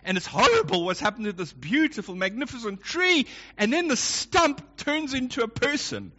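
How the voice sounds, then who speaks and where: A middle-aged male pastor preaching with a bright, forceful voice that rises and falls with animation. His pitch sits a little higher than most men's. The sound is dull and lo-fi. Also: normal speed. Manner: lively storytelling with acted quotes. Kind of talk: sermon. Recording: lo-fi dull recording.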